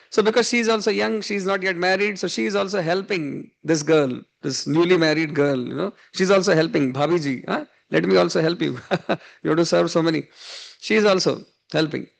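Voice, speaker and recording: A male spiritual teacher with an Indian English accent tells a teaching story in a high, gravelly voice. He chuckles often and drops Hindi words into his English. The delivery is animated and conversational. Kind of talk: storytelling sermon. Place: evening class.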